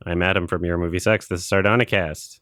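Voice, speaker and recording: A man with a very low, smooth, resonant voice, trading dry sarcastic remarks in a casual podcast chat. The sound is close and dry, with no room around it. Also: fairly even intonation, quick pace, a bit bright, no room sound. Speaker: podcast co-host.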